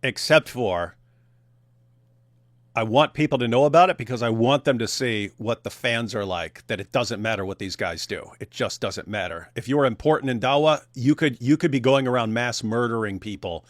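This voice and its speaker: A man's voice: medium pitch, normal speed, dry recording, studio quality. A man hosting a casual live stream, reading viewer comments aloud, laughing often and restarting his sentences. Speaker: host.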